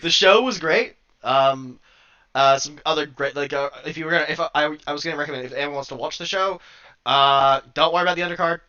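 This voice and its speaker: Rambling, excitable man on a podcast. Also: fairly high pitch, fast talker, clear, resonant tone. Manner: rambling, laughs often, swears, gets worked up. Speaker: podcast co-host. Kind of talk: casual wrestling review chat. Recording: dull lo-fi sound.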